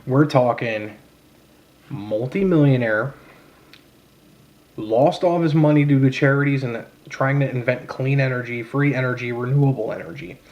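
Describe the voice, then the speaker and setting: A man's voice: medium pitch, darkish tone, highs cut off. Blunt, profane young man ranting. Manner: blunt, profane, sarcastic, with frequent fillers and restarts. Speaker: vlogger reviewing a film. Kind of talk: casual rant.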